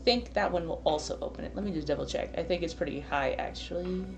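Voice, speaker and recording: A woman's voice: on the low side, fast talker. A young woman narrating a tabletop game as game master, laughing often and hesitating while she sorts things out.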